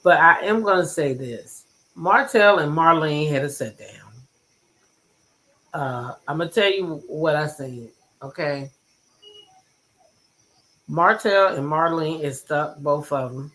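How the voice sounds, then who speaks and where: A woman hosting a casual gossip chat, blunt and animated, swearing freely as she talks to her viewers. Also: low-pitched, takes it slowly, long pauses, poor audio. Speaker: host.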